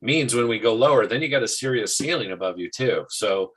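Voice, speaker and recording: Bright-toned man talking markets. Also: medium pitch, fairly quick, husky, poor audio. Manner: animated, restarts often. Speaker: market show host. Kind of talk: casual market talk.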